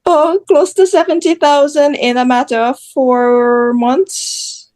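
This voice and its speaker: A woman's voice: high voice, flat delivery, slow, darkish tone. A woman from Jamaica, a guest telling her story in a blunt, candid way. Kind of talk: casual interview chat.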